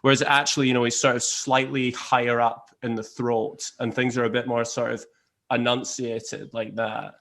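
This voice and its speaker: A man's voice: mid-range voice, little pitch movement, fairly quick, few pauses, fairly bright tone. A young man appearing as a comedian guest on a podcast, talking casually and hedging with lots of filler phrases. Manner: hedging, full of "sort of" and "you know". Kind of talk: casual interview chat.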